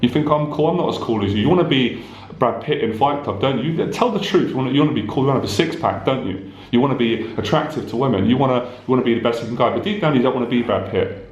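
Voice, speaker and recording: A man's voice: medium pitch, animated, quick pace, reverberant, highs cut off. A man, a life coach, giving an intense, repetitive motivational talk straight to the viewer, swearing at times. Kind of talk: direct-to-camera motivational talk.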